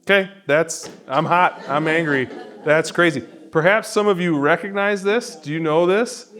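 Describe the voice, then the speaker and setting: A man's voice: fairly high pitch, fairly bright tone. A man, a pastor, teaching an adult education class in a church classroom in a conversational, self-deprecating way.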